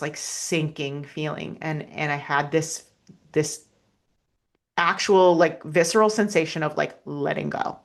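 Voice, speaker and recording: Low-voiced woman telling a personal story. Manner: halting, with frequent restarts and fillers. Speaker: podcast guest.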